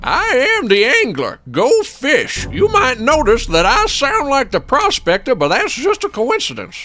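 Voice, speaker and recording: A man voicing a hulking, boastful fisherman figure in a loud, shouted, theatrical voice. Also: very high voice, huge pitch swings, measured pace, pitched above the performer's own voice, exaggerated voice. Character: hulking gruff male angler, boastful.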